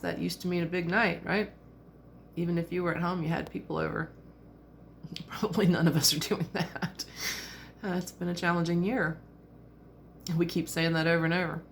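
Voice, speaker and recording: A woman in her fifties talks to camera in a chatty, reflective way. Her voice sits low with a gravelly edge, and a faint hiss of noise runs behind her. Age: 50s. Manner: chatty and reflective, with frequent fillers and laughs. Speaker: vlogger. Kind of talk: casual reflective monologue.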